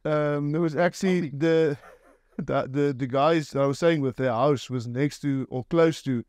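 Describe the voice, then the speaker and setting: Guest: man, halting laughing anecdotes, very dry close sound. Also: a little high, a little mellow, dry recording. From South Africa. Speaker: guest, former rugby player. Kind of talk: casual storytelling.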